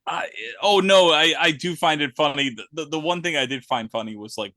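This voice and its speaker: A man co-hosts a casual film discussion podcast, talking in an animated, emphatic way. His voice is bright and forceful, recorded close and dry with no room sound. He swears freely as he makes his points. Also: on the high side, fairly quick, no room sound. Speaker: podcast co-host.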